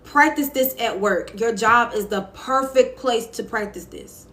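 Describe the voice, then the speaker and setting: A woman's voice: on the high side, unhurried, fairly bright tone. A young adult woman hosting a casual live stream from home, talking emphatically and candidly into her phone while she reads viewer comments aloud. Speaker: live-stream host giving advice.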